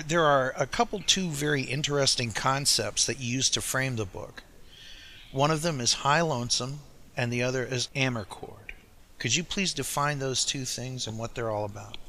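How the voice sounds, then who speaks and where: A man's voice: mid-range voice, pushed and bright, slight background noise. A man interviewing an author, asking casual, rambling questions. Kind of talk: conversational interview.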